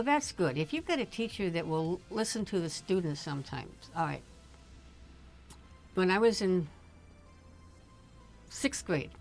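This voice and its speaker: An older woman with a somewhat low voice chats easily and tells stories, often breaking into laughter. Faint music plays behind her. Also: vocal fry. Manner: chatty storyteller, laughs often. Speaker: streamer's mother, guest. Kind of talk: casual chat.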